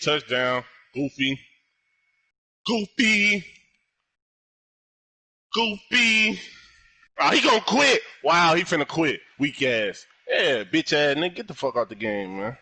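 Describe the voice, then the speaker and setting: Loud, lively young man trash-talking over gameplay. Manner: loud, profane trash talk with big swings in pitch. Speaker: gamer. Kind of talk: live gameplay commentary.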